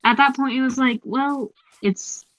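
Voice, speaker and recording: A young woman hosting a casual gaming chat, telling a story in an animated, giggly way. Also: sits high, measured pace, no room sound. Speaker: host. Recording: lo-fi muffled mic.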